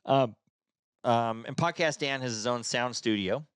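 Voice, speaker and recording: A man's voice: medium pitch, unhurried, smooth, no room sound, clean studio sound. Nasal-voiced man, rambling podcast banter. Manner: rambling, jokey, trails off mid-sentence. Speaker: podcast co-host. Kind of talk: casual chat.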